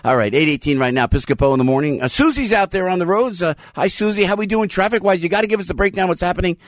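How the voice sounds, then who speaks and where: A man, hosting morning talk radio in an animated, rambling storytelling way. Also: high voice, fast talker, dry recording, clean studio sound. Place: radio studio.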